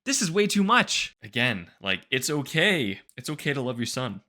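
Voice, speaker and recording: Animated, incredulous man reacting to clips. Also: medium pitch, moderate pace. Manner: animated, incredulous, stammering exclamations; nervous laughter while commenting. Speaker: reaction video host. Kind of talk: casual reaction commentary.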